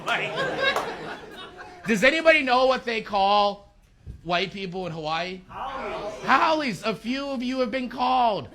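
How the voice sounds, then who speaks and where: A man's voice: high voice, expressive, normal speed, crowd noise. A man telling a brash stand-up story to a club audience. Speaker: stand-up comedian. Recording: noisy club recording with audience.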